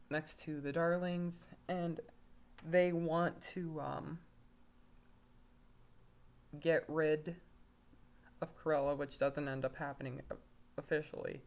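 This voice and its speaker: A woman giving a casual video review of a story, rambling, with lots of fillers and self-corrections. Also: fairly low pitch. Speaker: fanfiction reviewer.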